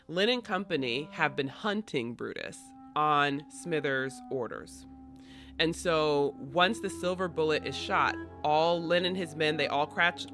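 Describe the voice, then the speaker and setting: A man co-hosting a podcast, recapping a play in a lively, conversational way. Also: a little high. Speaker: podcast co-host. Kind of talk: animated story recap.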